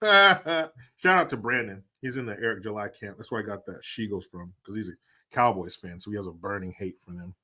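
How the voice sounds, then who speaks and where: A man streaming and commenting casually, sarcastic and profane, often getting loud and animated. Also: fairly low pitch, brisk.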